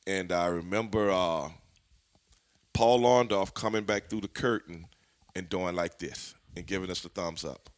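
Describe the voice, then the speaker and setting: A man, a former wrestler, telling stories as an interview guest in an animated, profane way, laughing as he goes. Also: sits low, measured pace. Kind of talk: storytelling in a shoot interview.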